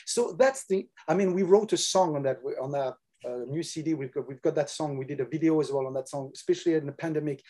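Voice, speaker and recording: Older french-speaking guy, earnest, keeps repeating himself, warm mellow voice. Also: fairly high pitch. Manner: earnest, halting, repeats words. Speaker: guest. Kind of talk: casual Christian conversation.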